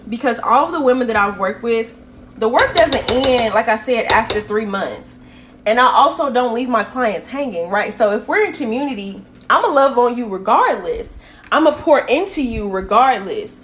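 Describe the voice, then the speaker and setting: A woman with a fairly high voice talks straight to her viewers like a coach. She speaks casually into a phone, direct and familiar, calling her listeners "y'all.". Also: expressive, moderate pace, slight background noise. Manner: warm, direct, uses "y'all" and "baby". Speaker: spiritual coach. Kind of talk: casual livestream talk to viewers.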